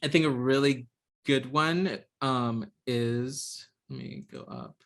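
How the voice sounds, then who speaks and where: A man's voice: medium pitch, takes it slowly, vocal fry, a bit bright. Man teaching a hesitant online class. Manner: hesitant, lots of ums and restarts. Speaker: instructor.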